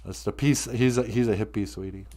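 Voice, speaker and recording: A man's voice: fairly low pitch, fairly even intonation, brisk, a little mellow. A man hosting a casual live stream, joking, greeting viewers by name and laughing often. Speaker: live stream host teaching Ojibwe.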